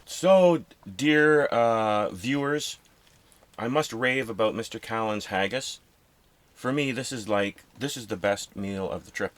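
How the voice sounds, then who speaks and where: A man talks in a playful, upbeat way with his friend. His voice sits at an ordinary middle pitch for a man. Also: a little slow. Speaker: camping companion. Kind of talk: casual chat.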